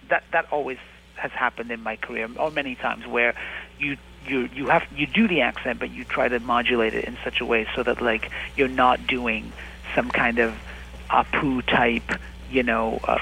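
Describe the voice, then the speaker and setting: Gravelly bright-voiced man, reflective. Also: mid-range voice, fairly even intonation, normal speed, a little hiss or hum, poor audio. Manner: thoughtful, many restarts and hedging fillers. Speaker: actor and writer, interview guest. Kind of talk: reflective conversational interview.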